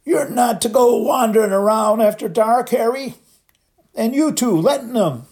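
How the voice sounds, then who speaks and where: A man's voice: a little high, takes it slowly, gravelly, a little mellow, voice pushed up. A man voicing a big, drunk male half-giant gamekeeper who talks thickly and roars when angry. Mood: roaring. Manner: slurred, thick, then roaring angrily.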